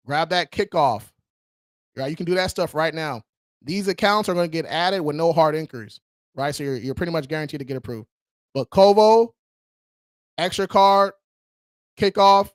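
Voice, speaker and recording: A man's voice: on the high side, no room sound, clean studio sound. A man hosting a casual livestream, talking in a slangy, hyped-up way and calling viewers bro. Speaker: credit repair livestream host.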